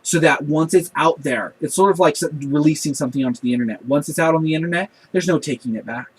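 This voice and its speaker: An impassioned woman starship engineer, acted out by a man in a husky voice that sits a bit high. She presses an urgent, earnest appeal, insistent and sincere. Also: fast talker, low-quality recording.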